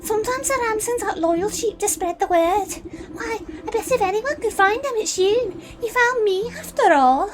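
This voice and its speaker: Squeaky little lamb. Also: female voice, lively intonation, normal speed. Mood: gentle. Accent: British.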